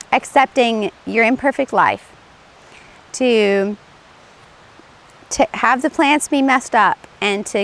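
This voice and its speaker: Earnest woman host, fairly high voice. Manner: conversational and earnest, with light laughs and restarts. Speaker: TV show host; former play therapist. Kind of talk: casual instructional talk to camera.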